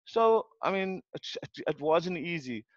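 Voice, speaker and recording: A man's voice: fairly high pitch, unhurried, dry recording, muffled recording. A man from Cape Town with a South African accent, a podcast guest telling a story in a casual way and acting out what people said. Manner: animated, acts out what people said.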